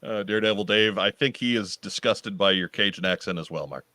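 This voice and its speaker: A man hosting a podcast in casual chat, reading event details with wry, deadpan asides. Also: fairly low pitch, a little fast, no echo. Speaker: podcast host.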